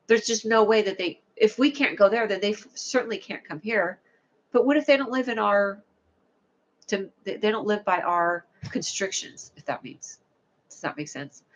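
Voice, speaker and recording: A woman hosting a casual livestream chat, rambling playfully and answering viewers' comments. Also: mid-range voice. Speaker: livestream host. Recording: lo-fi, dull sound.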